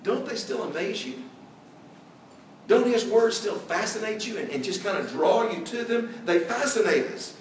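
Male preacher, high voice, earnest sermon delivery, recorded from a distance in a reverberant church. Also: moderate pace, a little hiss or hum. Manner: earnest, rising and falling emphasis, acts out quoted voices. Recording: echoey room, mic at a distance.

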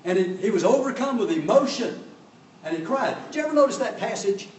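Older man, fervent sermon, rising and falling delivery, higher voice, recorded from afar in a reverberant hall. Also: lively intonation, fairly quick, a little mellow, distant mic, slight background noise. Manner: fervent, swelling and dropping his voice for emphasis. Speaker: preacher.

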